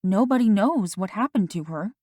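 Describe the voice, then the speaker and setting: Woman voicing a gentle, probing mother. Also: medium pitch, animated, normal speed, dry recording, studio quality, natural voice.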